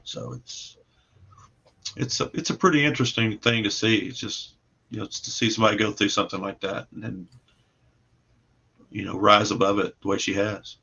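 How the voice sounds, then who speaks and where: A man's voice: lowish voice, fairly even intonation, normal speed, gravelly, long pauses, pushed and bright, husky. A man, a comic book creator, talking about his work in a casual livestream interview, rambling and repeating words in an easygoing way. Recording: muffled lo-fi stream audio.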